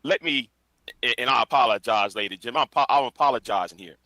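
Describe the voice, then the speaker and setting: A man lecturing to camera in a preachy tone, pausing and restarting as he makes his point. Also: mid-range voice, bright, forceful tone, no room sound, low-quality recording. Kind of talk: lecturing video commentary.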